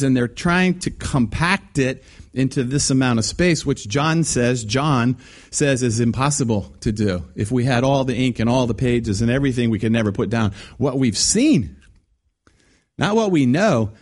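A man's voice: mid-range voice, darkish tone. A man preaching a conversational sermon, acting out quoted voices with many restarts. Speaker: guest preacher.

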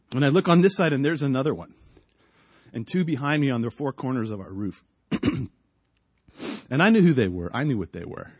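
A middle-aged man preaching outdoors, telling a personal story, swinging between hushed and loud moments. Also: medium pitch, slightly rough, no echo. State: coughing, clearing throat.

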